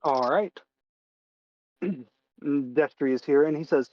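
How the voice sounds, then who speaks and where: A man narrating a tabletop game as game master, in a relaxed way with lots of fillers. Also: mid-range voice, measured pace, long pauses, no room sound, dull audio.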